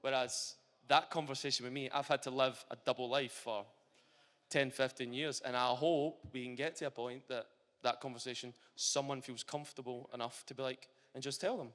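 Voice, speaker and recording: At a live event held in a large hall, a young retired footballer from Scotland gives an informal interview, chatty and animated with many restarts. His voice sits in the mid range and runs slightly fast, trailing a long hall reverb.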